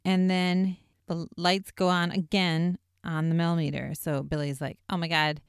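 A woman's voice: lowish voice, little pitch movement, unhurried, clean tone, no echo, clean studio sound. A woman casually recapping a TV episode in a chatty way, with lots of "like" and wry asides.

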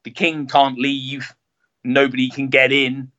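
A man's voice: mid-range voice, level tone, unhurried, fairly bright tone. A man, a town jester being interviewed, talking casually with many fillers and restarts. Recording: dull lo-fi sound.

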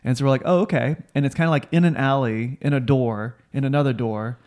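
A man telling a story in a relaxed, rambling way, with frequent restarts and fillers. He lifts his voice to act out quoted lines from the people he describes. His pitch sits right in the middle for a man. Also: fast talker. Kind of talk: casual storytelling chat.

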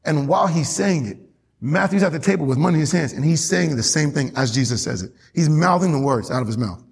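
A pastor delivers his sermon with a husky, slightly high voice. He preaches animatedly, laughing between points and climbing in pitch to drive them home. The sound rings out in a church hall with a long tail of reverb. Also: fast talker. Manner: animated preaching with frequent laughs and rising emphasis. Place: church sanctuary.

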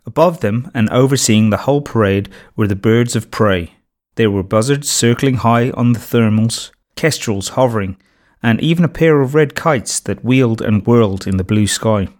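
Male narrator for a children's storybook, measured steady read, medium pitch. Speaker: audiobook narrator.

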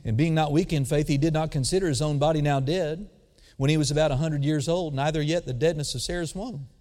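A man preaching a sermon, swinging between loud dramatic emphasis and quiet asides, calling out for responses from the congregation. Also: a little high, a little fast. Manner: calls for audience response. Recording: long reverb of a large hall.

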